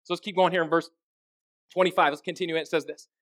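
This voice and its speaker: A man's voice: fairly high pitch, flat delivery, quick pace, a bit bright. A man preaching a sermon in a conversational way, often asking his listeners rhetorical questions. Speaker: pastor.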